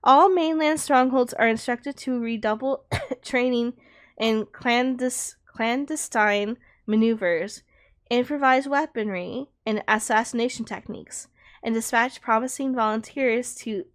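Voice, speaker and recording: A woman's voice: on the high side, measured pace. A young woman streaming a video game, chatting casually and reading in-game text aloud, often correcting herself and laughing.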